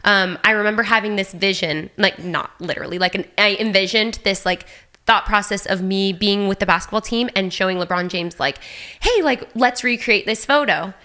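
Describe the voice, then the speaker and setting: A woman in her thirties tells a story as a podcast guest, chatty and animated, with "like" sprinkled through every sentence. Her voice is bright and clear, pitched right in the middle for a woman. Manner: animated, fast, peppered with "like". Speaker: podcast guest, Olympic athlete. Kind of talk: casual storytelling chat.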